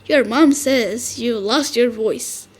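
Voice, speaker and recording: A woman's voice: fairly high pitch, takes it slowly. A woman voicing a cheerful, playful young boy comforting his friend in a storybook.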